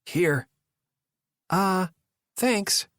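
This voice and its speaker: A man's voice: high-pitched, animated, extremely slow, fairly bright tone, dry recording, clean studio sound, voice pushed up, heavily acted. A male narrator voicing a tense young woman hosting a dinner, clipped and stiffly polite. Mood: flat.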